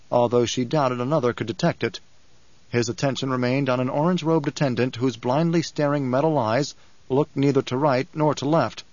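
Male audiobook narrator, measured, steady, dry close sound, dull lo-fi tone. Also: medium pitch, no echo. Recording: dull dry studio recording.

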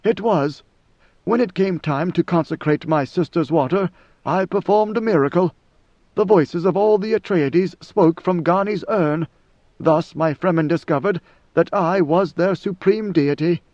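A man's voice: sits high, measured pace, a little mellow, no room sound, voice pushed up. A man doing an ancient, solemn god-emperor. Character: ancient godlike male emperor, calm, solemn. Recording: dull lo-fi dry recording.

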